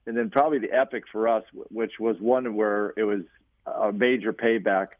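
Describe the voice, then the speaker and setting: A man's voice: on the low side, fairly even intonation, normal speed, no echo. A man co-hosting a golf radio show as a coach, chatting and teasing in an easygoing way. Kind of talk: casual radio chat. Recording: tinny phone line.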